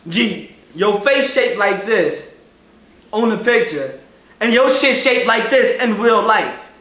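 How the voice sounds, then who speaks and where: A man telling a personal story in an animated, slangy, casual way, jumping between loud outbursts and low mutters. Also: roomy sound.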